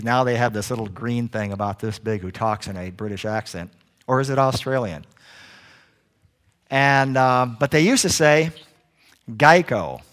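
A man preaching a sermon as a guest preacher, telling animated stories and joking with the congregation. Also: medium pitch. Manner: animated storytelling, acts out little scenes; jokey with the congregation.

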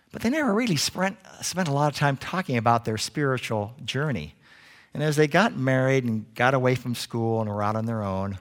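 Man, preacher, sermon story, lively pitch swings, mid pitch. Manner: animated storyteller doing voices.

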